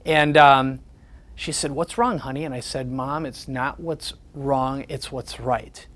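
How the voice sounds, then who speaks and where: A man's voice: mid-range voice, steady tone, slow pace, fairly bright tone. A man giving a sales presentation, telling personal stories and acting out the conversations in them. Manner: storytelling, repeats the words of others in conversation.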